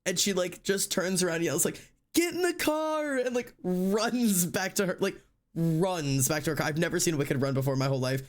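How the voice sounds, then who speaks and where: A man's voice: on the high side, fairly even intonation, fast talker. A male streamer telling a story in casual chat, rambling with lots of fillers and acting out what people said. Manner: rambling, filler-heavy, acts out quotes.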